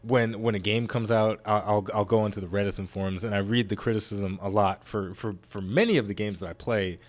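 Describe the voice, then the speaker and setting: A man's voice: lowish voice, fairly quick, hardly any pauses. A man casually commenting while he plays a video game, rambling, laughing often and poking fun at himself. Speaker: gaming YouTuber. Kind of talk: casual let's-play commentary.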